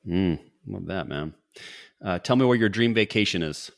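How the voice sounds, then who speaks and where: A middle-aged man hosting a podcast in a casual, upbeat and jokey way, firing off quick quiz questions. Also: low-pitched, expressive, creaky. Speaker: podcast host. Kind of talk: casual interview talk.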